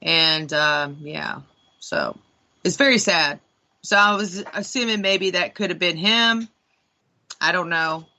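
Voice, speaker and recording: A woman guest on a paranormal talk radio show, telling a long, animated story with many fillers. Her voice is bright and forward. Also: fairly low pitch, slow pace. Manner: rambling, animated retelling with lots of fillers.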